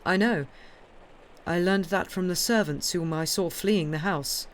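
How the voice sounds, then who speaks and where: A woman voicing a calm, devout male priest with an Italian accent, speaking in a measured, earnest way. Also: on the low side, a little hiss or hum, lightly acted. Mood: solemn.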